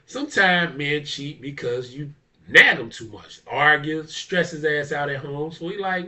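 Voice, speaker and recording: Man, casual profane monologue, bright forceful voice, a bit off-mic. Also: fairly high pitch, expressive, moderate pace, distant mic. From Chicago area. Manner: blunt, profane, laughs often, repeats "you know what I'm saying". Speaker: barber and DJ hosting a talk video.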